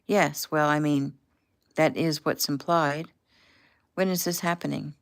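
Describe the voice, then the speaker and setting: A woman's voice: low voice, fairly even intonation, a little slow. A woman reading the lines of a chatty, polite female friend who hesitates as she talks. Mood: earnest.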